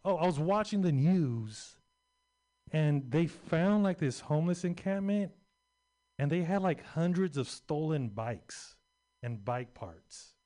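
A man's voice: fairly high pitch, animated, slow, warm tone. A young man performing a rambling, profane, self-deprecating stand-up comedy set on a club stage.

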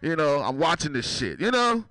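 Male stand-up comic from San Francisco, bright and dry, chatty crowd-teasing delivery. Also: fairly high pitch, huge pitch swings, normal speed, no room sound, rough recording. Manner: loose, profane, chatty, teases the audience. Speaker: stand-up comedian. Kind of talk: stand-up comedy set with crowd work. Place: comedy club.

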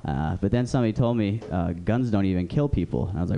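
A man's voice: fairly low pitch, expressive, fast, vocal fry, hardly any pauses, warm tone, a little hiss or hum. A man doing a stand-up comedy set on a club stage, telling profane, rambling stories into a stage mic.

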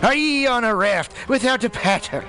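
A man's voice: very high-pitched, expressive, moderate pace, heavily acted, poor audio. A man voicing a boisterous pirate captain in a radio station promo, with hearty seafaring pirate-speak. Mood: rousing. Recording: promo with a loud music bed.

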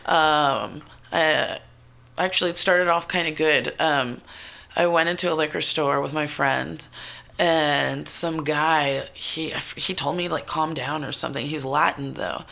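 Radio host, American woman, gravelly and sharp-toned, swears freely, acts out her stories. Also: low voice, a little slow. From United States. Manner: animated, profane storytelling with acted-out quotes. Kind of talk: casual chat. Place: radio studio.

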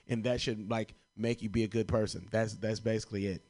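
A young man from Chicago doing a stand-up set with a medium-pitched voice. He swears freely and keeps laughing at his own jokes. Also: steady tone, fairly quick, few pauses, darkish tone. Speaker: stand-up comedian. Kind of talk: stand-up comedy answering prompts.

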